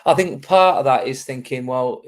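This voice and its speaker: A man co-hosting a casual fan podcast, talking in a measured, steady way. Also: mid-range voice. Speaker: podcast co-host.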